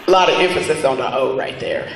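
A young man doing a rambling stand-up comedy routine with goofy, deadpan asides at a talent show. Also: medium pitch, vocal fry. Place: large school hall with audience. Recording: echoey hall, crowd behind.

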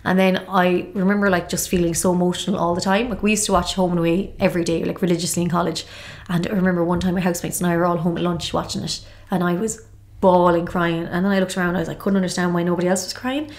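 Irish woman, 30s, podcast guest, rapid delivery, lowish pitch, open personal storytelling. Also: fairly even intonation. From Galway, Ireland. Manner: reflective, open, lots of "like" and "kind of".

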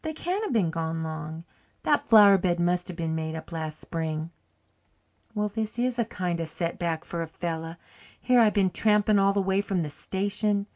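A woman's voice: mid-range voice, lightly acted. A woman reading an audiobook, voicing an earnest young male farmhand who speaks in a rustic country dialect.

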